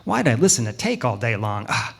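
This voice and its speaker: A stubborn, grumbling apple farmer, voiced by a male storyteller, middle-pitched and fed up. He mutters to himself in a tired, exasperated way, with a long hall reverb around the sound. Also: sing-song, quick pace, creaky, fairly bright tone, full character voice.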